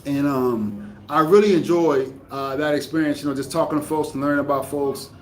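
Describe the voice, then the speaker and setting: Male vlogger from the US, casual rambling delivery, slightly high pitch, faint background hiss. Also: brisk. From United States. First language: English. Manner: rambling, many fillers and restarts. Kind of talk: casual reflective talk to camera.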